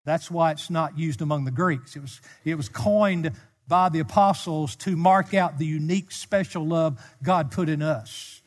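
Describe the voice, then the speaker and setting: A man preaching a sermon as a pastor, speaking with passion and sometimes rising to near-shouts. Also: fairly high pitch, moderate pace. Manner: impassioned, rises to near-shouts. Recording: long hall reverb.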